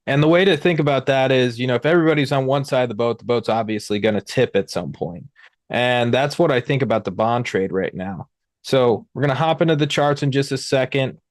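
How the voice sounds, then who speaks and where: A young man hosts a live trading stream on his own, talking off the cuff and wandering between thoughts with lots of ums and restarts. His voice sits at an ordinary middle pitch, and the recording is dry and close. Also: a little fast, no room sound. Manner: rambling, many fillers and restarts. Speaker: host. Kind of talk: casual livestream market talk.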